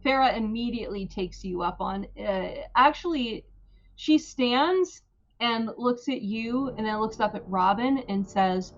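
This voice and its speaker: A woman running a tabletop game, narrating slowly and carefully in a fairly high voice. She pauses over her words with fillers as she describes the scene to her players. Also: highs cut off, soft background music. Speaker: game master.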